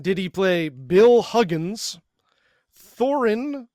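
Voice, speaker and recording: A man co-hosting a podcast, running a trivia quiz and reading the options out slowly. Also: high voice, lively intonation, dry recording, clean studio sound. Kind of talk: casual podcast chat.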